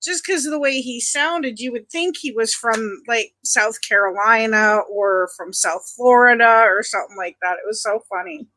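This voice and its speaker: A woman's voice: on the high side, normal speed, hardly any pauses, sharp tone. A middle-aged woman from Ontario, Canada, hosting a livestream and chatting casually with viewers, greeting them by nickname. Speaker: livestream host. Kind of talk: casual chat with live viewers.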